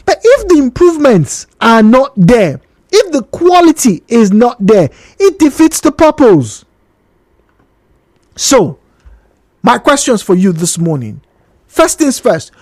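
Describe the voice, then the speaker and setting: A woman with a Nigerian accent hosting a radio talk show, opening it with a lively monologue and questions for the listeners. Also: fairly high pitch, no room sound. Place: radio studio. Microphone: studio microphone.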